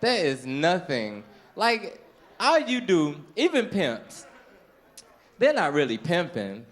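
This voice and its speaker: A man's voice: on the high side, slow. A middle-aged man performing a stand-up comedy set on a club stage into a handheld mic, telling stories and acting out voices. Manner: animated storytelling with acted-out voices.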